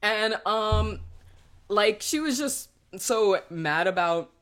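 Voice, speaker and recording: A woman's voice: mid-range voice, animated, slow, fairly bright tone. A young woman in a casual chat, telling work stories in a rambling way, full of fillers and giggles.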